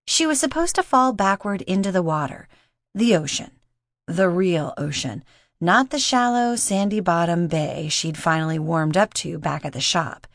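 A woman narrating an audiobook in a steady, measured reading voice. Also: on the low side, dry recording, studio quality. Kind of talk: scripted narration.

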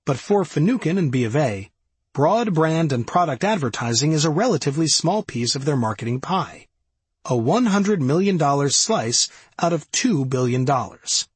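A man reads nonfiction aloud in a steady, measured audiobook manner. His voice is strongly breathy and husky, set a little high and moving freely in pitch. The sound is dry, with no room around it. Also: no echo. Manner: measured, even reading with quoted passages. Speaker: audiobook narrator. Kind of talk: scripted nonfiction narration.

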